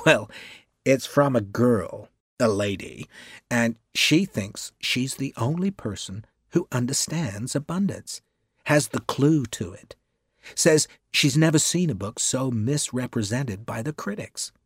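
A man voicing a cheerful, humble male secretary, talking briskly in a husky voice. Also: medium pitch, animated, dry recording, clean studio sound, full character voice.

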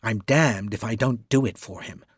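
A man voicing an irritable, moody male novelist who speaks curtly and growls, in a husky voice. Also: on the low side, normal speed, no room sound, studio quality. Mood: fretful. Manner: curt and growling.

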